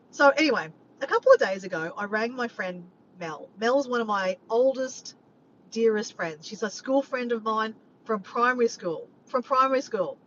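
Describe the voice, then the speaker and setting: A woman's voice: a little high, a bit bright. A woman chatting casually to her vlog audience, rambling from point to point and swearing freely. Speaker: vlogger. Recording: dull lo-fi sound with faint background noise.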